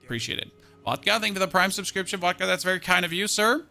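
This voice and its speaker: Bright-voiced streamer. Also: male voice, sits high, fast, vocal fry, soft background music. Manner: chatty, thinks aloud, thanks viewers. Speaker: gaming streamer. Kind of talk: live-stream gameplay commentary.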